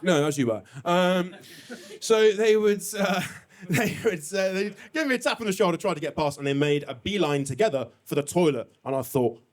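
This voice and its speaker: A man performing a live stand-up comedy set, telling a story in an animated, chatty way and swinging his voice up and down for effect. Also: high voice, moderate pace. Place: comedy venue stage.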